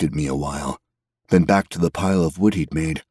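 A man reading a story aloud in the first person, measured and steady. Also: rumbling low, husky, no echo, studio quality. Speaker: audiobook narrator. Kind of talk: scripted story narration.

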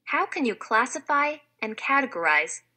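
A woman reading a children's storybook aloud in a clear, expressive way, like a teacher. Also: high voice, moderate pace.

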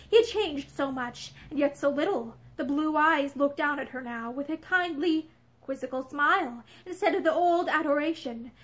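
Expressive woman reading a novel aloud. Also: sits high. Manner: expressive storytelling. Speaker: reader. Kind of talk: audiobook narration. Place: indoor room with bookshelves.

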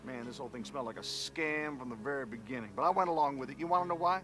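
An actor playing a dry, sarcastic fiancé on a road trip who bursts into yelling. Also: male voice, mid-range voice, very fast, faint music behind, close to an everyday voice. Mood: bitter. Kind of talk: comedy sketch acting.

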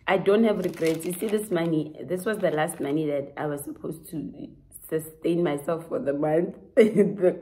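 A woman's voice: low-pitched, dark tone, poor audio. A South African woman vlogger chatting through a clothing try-on haul, dramatic and gushing, often laughing. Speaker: fashion vlogger. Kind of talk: casual try-on haul chat.

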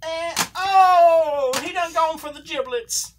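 Slowly, in a very high voice with slight background noise, a woman plays an older Southern male wrestling announcer calling a toy figure bout. It's comedic ringside commentary, with a thick fake drawl, country grammar and plenty of excitement.

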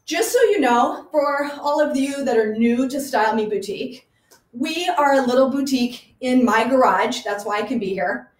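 A woman's voice: high-pitched, animated, moderate pace. A woman who runs a small garage boutique, chatting enthusiastically as she presents clothes in a live online showcase. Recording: echoey room.

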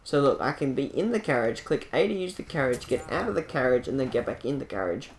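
A man casually commentating his gameplay into a desk microphone, excitable and jokey with loud bursts. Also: mid-range voice, fast talker, slight background noise. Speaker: gaming channel host.

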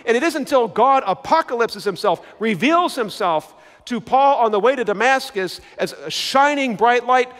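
A man preaching a sermon with a high voice that leaps all over the place. He hammers home words by repeating them and throws questions out to his listeners, and his voice rings with a long hall reverb. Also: expressive, normal speed, fairly bright tone. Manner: emphatic, repeats key words, asks the congregation questions. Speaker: pastor.

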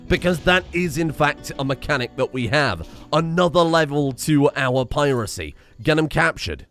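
With a fairly high, fairly bright voice, a West Country English game streamer jokes his way through a let's-play. He's casual about it and swears freely.

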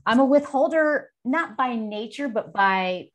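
A woman's voice: on the high side, animated, a little slow, a bit bright. A woman in her forties, a guest speaking frankly and casually, swearing freely and laughing easily. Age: 40s. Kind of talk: candid casual chat.

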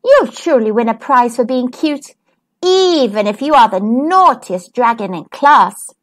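A sweet, earnest little fairy girl from a children's storybook, hopeful and a bit fretful about her unruly pet dragon, as a woman reading aloud puts her on. Her voice sits high and lilting, swinging through a wide range, and she speaks slowly. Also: animated.

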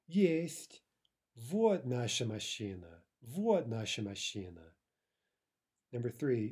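A man's voice: medium pitch, mellow, breathy edge. A man teaching a recorded language lesson, explaining examples step by step and often checking in with "right?".

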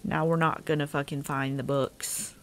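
A woman's voice: sits low, level tone, moderate pace, a little hiss or hum. A woman playing a video game and commenting bluntly, with sarcasm and frequent swearing. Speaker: gaming video creator. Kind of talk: let's play commentary.

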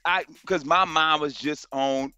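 A middle-aged man, a comedian from North Carolina, telling a story in a casual interview in an animated, slangy way and acting out the other voices. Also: a little high, a little slow, smooth, dry recording, dull audio, soft background music. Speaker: comedian guest.

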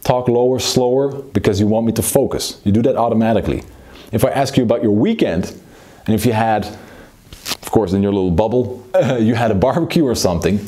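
A man teaching public speaking, moving between a slow low delivery and a fast excited one to show the difference. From Belgium. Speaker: speaking coach. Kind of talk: public speaking lesson with demonstration.

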